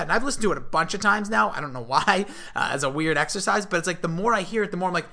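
A young man chatting casually who rambles and keeps cutting himself off partway through his thoughts. His voice sits high for a man and has a bright, sharp edge. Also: lively intonation, very fast, few pauses. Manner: chatty, rambling, self-interrupting. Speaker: wrestling podcast co-host. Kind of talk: casual chat.

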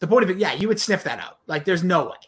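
A man's voice: high-pitched, animated, fairly bright tone. Rambling joking man in his thirties. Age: 30s. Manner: rambling, joking, quick to do silly voices. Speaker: podcast co-host. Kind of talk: casual movie review chat.

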